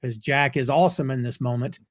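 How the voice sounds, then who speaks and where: A man's voice: mid-range voice, brisk, dry recording, studio quality. A man hosting a casual review podcast, retelling scenes in a chatty way with fillers. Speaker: podcast host recapping an episode.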